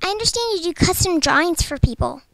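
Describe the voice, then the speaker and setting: A woman's voice: very high voice, lively intonation, fast, vocal fry, a bit bright, no echo. A young woman interviewing, asking eager and playful questions.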